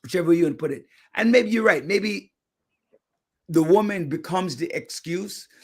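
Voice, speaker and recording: A man's voice: high-pitched, lively intonation, normal speed, darkish tone, slightly rough. A man hosting a radio talk show in a studio, chatting casually and airing his opinions as he thinks aloud.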